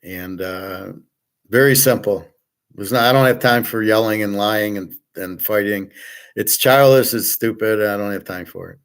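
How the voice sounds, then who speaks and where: A man's voice: on the low side, moderate pace, clean tone. A middle-aged man hosting his own show, talking in a blunt, self-assured, rambling monologue and often repeating words as he rants. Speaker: podcast host.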